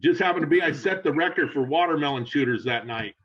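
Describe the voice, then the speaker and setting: An older man telling a long rambling story in casual chat, animated and laughing, acting out quotes in a raised voice. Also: fairly high pitch, fast talker. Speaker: guest storyteller. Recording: dull lo-fi sound.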